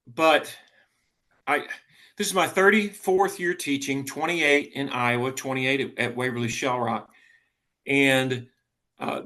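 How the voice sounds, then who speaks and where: A man, a political candidate talking earnestly in a casual interview, often halting and restarting. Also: medium pitch, fairly bright tone.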